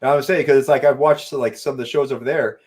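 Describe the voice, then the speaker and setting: A man's voice: mid-range voice, fairly even intonation, fast talker, a little mellow, breathy edge. A man hosting a podcast in casual chat, laid-back and profane, laughing often and filling with "you know". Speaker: podcast host.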